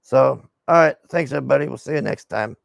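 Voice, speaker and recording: A man's voice: medium pitch, fast talker, vocal fry, no room sound. A male streamer and show host chatting casually to his viewers in a rambling, laid-back way, with lots of fillers and some swearing.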